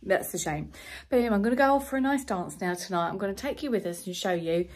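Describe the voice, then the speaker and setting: A woman's voice: medium pitch, animated, fast, a little mellow. A woman chatting to camera in a casual vlog, tired and giddy, a chatty storyteller who laughs a lot. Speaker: vlogger.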